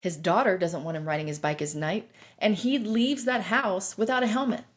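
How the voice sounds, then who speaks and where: A woman's voice: mid-range voice, moderate pace, slightly rough. A middle-aged woman telling her own story on a podcast, earnest and intense as she relives it. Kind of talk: personal recovery story podcast.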